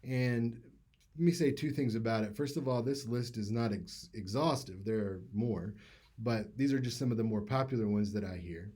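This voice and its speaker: A man's voice: fairly low pitch, moderate pace, dark tone, breathy edge. A man teaching public speaking in a casual, conversational lecture with many fillers.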